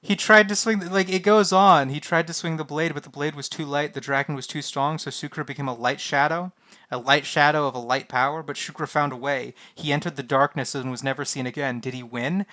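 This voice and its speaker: A man streaming a text adventure game, reading its lines aloud and reacting in an animated, swearing way. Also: fairly high pitch, fairly quick.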